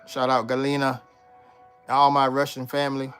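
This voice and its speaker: A man's voice: mid-range voice, monotone, normal speed, a bit bright, clear, resonant tone, faint music behind. A man hosting a casual livestream, chatting loosely with viewers and reading out their comments. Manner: laid-back, chatty, reads out chat and answers viewers. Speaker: livestream host.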